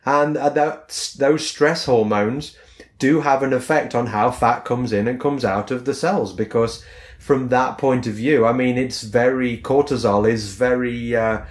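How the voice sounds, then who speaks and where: A man co-hosts a fitness podcast and talks it through in a loose, rambling way, returning to "again" over and over. His voice sits at an ordinary middle pitch. The room around him gives a clear echo. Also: a little slow. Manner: rambling, repeats "again" as a filler. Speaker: podcast co-host, fitness coach. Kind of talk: casual explanatory podcast chat.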